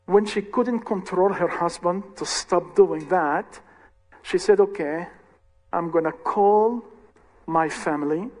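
A man's voice: sits high, takes it slowly, darkish tone. A man who leads a ministry, recounting a conversion story in short, earnest phrases. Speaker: ministry leader. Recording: long hall reverb.

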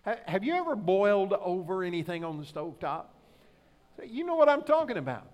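High-voiced folksy male pastor. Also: very animated, brisk, a little mellow, dull audio. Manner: folksy storytelling, rhetorical questions to the congregation. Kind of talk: sermon with personal story.

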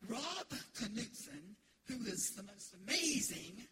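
A middle-aged woman from the United States, preaching an emphatic, animated sermon as pastor in a church. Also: mid-range voice, slow, slight background noise. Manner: emphatic, animated preaching with laughter and call-outs. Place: church sanctuary.

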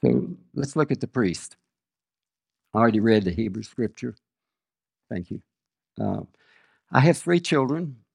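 An older man preaching a sermon, reading scripture and telling personal stories in a slow, measured way. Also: mid-range voice, lively intonation, gravelly, darkish tone, breathy edge, no echo.

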